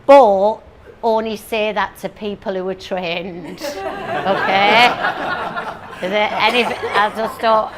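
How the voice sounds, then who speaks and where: A woman's voice: medium pitch, fairly even intonation, slow pace, heavy background noise. A woman in her forties from northern England giving a comic motivational talk to a live audience, playful and chatty, teasing the crowd with questions and asides. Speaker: motivational speaker.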